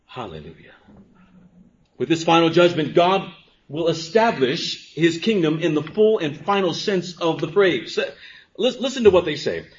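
A man preaching a sermon as pastor, dropping to quiet, drawn-out phrases and then rising to emphatic exclamations. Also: fairly high pitch, expressive. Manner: swings from hushed to emphatic, with stretched pauses. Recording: dull lo-fi sermon recording.

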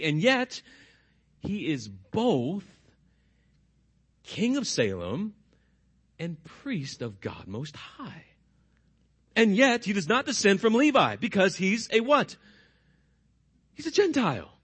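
Emphatic preaching man, higher pitch. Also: husky. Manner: emphatic preaching, asks the congregation questions; slows and drops his voice for emphasis. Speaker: pastor. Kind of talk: sermon.

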